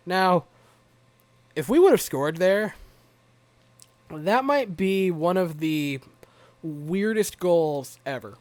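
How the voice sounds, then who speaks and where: A man's voice: sits high, expressive, takes it slowly, long pauses, darkish tone, dry recording. A young man giving a rambling, wry, self-mocking recap of a hockey game as a fan vlogger.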